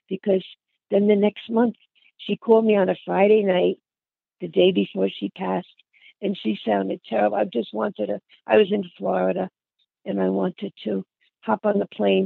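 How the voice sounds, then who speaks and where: An older woman talks through memories in a chatty way, calling the listener hon and honey as she goes. Her voice is gravelly, with a worn grain to it. The sound is tinny and phone-like, close and dry with no room around it. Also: mid-range voice, dry recording. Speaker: interviewee. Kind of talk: reminiscing conversation.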